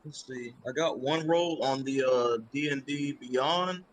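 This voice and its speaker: A man's voice: medium pitch, measured pace, poor audio. Unsure male player with faint hiss. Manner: unsure, checking things aloud. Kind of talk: casual chat.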